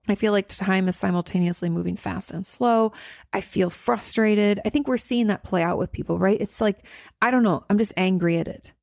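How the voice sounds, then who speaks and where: A woman's voice: fairly low pitch, gravelly, darkish tone, no echo, clean studio sound. A woman therapist hosting a podcast, answering a listener's question in casual, rambling talk with emphatic repetitions and restarts.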